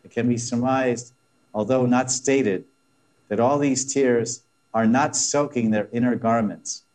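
A man's voice: mid-range voice, fairly even intonation, measured pace, darkish tone. A man teaching a scripture class, retelling a story with laughing asides and frequent restarts. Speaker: religious teacher.

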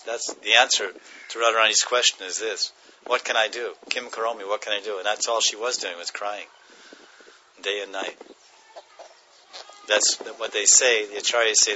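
A man's voice: fairly low pitch, pushed and bright, dull audio, slight background noise. A man giving a devotional class, chanting verses, translating them and chuckling as he tells stories. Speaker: spiritual teacher.

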